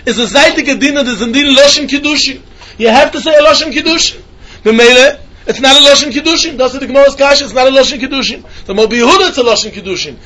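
A man teaches a Talmud lesson in yeshiva style. His voice sits very high and he talks at a rapid clip. He slips into a sing-song study chant as he explains the text. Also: sharp tone. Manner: quick sing-song study chant, mixing English with Hebrew and Yiddish.

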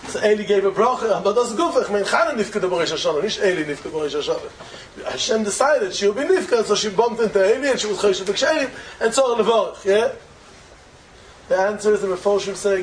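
A man's voice: very high-pitched, normal speed, a little hiss or hum, low-quality recording. A man giving a storytelling Torah lecture who explains as he goes, repeats key phrases and asks rhetorical questions. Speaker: Torah teacher.

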